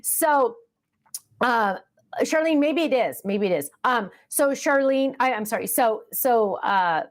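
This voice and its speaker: A woman's voice: fairly high pitch, animated, slow pace. A woman in her fifties hosting a casual craft livestream chat, rambling and easily sidetracked, with many ums.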